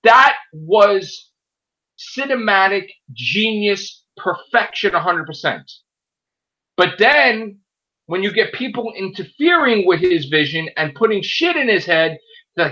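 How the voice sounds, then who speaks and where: A man hosting a casual chat show who rants in an animated way and swears a lot. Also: high voice, slow, dull audio. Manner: animated, profane ranting. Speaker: podcast host.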